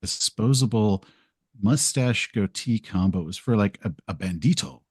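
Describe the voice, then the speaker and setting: A man chats as a podcast guest, low and a little husky in tone. He rambles, makes fun of himself and acts out his own remarks. The sound is dry and close. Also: unhurried, a little mellow, dry recording. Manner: rambling, self-deprecating, acts out quotes. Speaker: podcast guest, game video creator. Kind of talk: casual interview storytelling.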